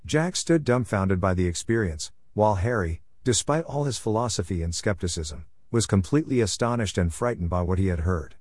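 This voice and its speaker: A man reading a ghost story aloud in a measured, solemn narration style. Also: fairly low pitch, animated, darkish tone, no room sound. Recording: dry close recording.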